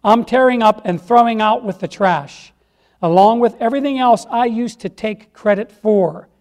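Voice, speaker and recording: A man's voice: sits high, normal speed, a little mellow. A man preaching a sermon in church, folksy and emphatic, repeating phrases and asking the congregation "Amen?". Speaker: lay preacher.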